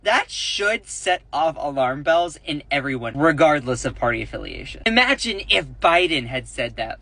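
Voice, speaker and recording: A man delivering heated political commentary with a sarcastic, exasperated edge and sudden sharp outbursts. His voice is bright and tense. The recording is dry and close, with no room sound. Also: fairly high pitch, very animated, normal speed, vocal fry, few pauses, no echo, low-quality recording.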